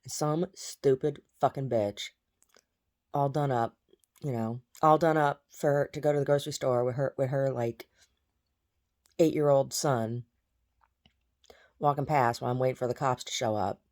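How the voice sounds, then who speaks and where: A woman rants straight to camera in a low, deep voice. Her talk is blunt and heated, full of swearing and repeated outrage. It sounds like a casual home vlog. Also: steady tone, measured pace, pauses often, darkish tone. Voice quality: blunt, profane, agitated. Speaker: vlogger.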